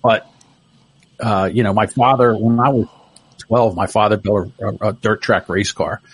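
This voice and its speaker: A man's voice: lowish voice, steady tone, normal speed, breathy edge, no room sound. A middle-aged man telling stories in casual chat, laughing often.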